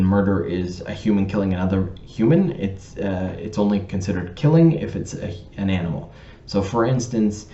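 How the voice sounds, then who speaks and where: A man with a low, mellow voice rambles through a personal story, stopping to correct word choices and restarting his sentences. The recording sounds roomy and a little dull. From Canada. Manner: pedantic, digressive, with many ums and restarts. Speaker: vlogger telling a personal story. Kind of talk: casual storytelling to camera.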